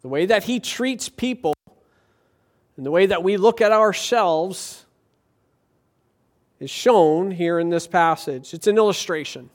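A man's voice: high-pitched, lively intonation, measured pace, long pauses. A man preaching a sermon as pastor, reading scripture and telling anecdotes with light humor, asking the congregation rhetorical questions.

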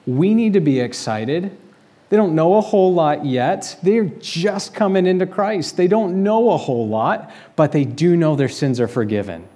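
A man's voice: fairly high pitch, lively intonation, moderate pace, warm tone. A man preaching a sermon as pastor, talking through the text in a conversational, explanatory way with rhetorical questions. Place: church sanctuary.

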